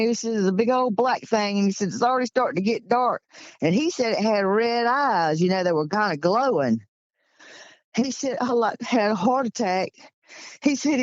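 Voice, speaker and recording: A woman's voice: a little high, dry recording. Woman in her sixties, Southern accent, storytelling interview guest, acts out quoted voices, dry muffled sound. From Georgia.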